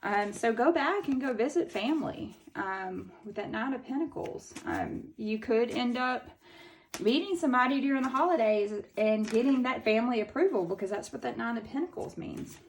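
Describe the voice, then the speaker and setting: Southern lady doing a tarot reading, kinda high voice, blunt and cussing, lots of ums. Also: moderate pace, slight background noise. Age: 30s. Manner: blunt, swears freely, chatty with many fillers. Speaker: tarot reader.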